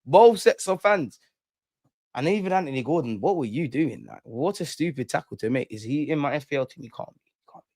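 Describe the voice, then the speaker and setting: A man's voice: on the high side, lively intonation, a little fast, darkish tone, dry recording, studio quality. A young man hosting a live fan stream, ranting heatedly and repeating lines for emphasis. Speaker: fan channel host.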